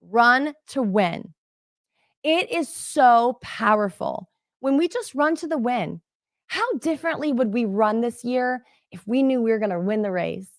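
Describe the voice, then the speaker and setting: A middle-aged woman coaching her audience in an animated, chatty motivational talk. Her voice sits a little high, and it is recorded dry, with no room echo. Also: a little slow. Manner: animated, chatty, addresses audience as "you guys".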